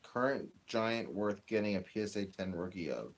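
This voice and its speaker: Laid-back low-voiced man reading comments. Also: lively intonation, normal speed, slightly rough. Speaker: co-host reading viewer comments. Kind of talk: casual live-stream chat.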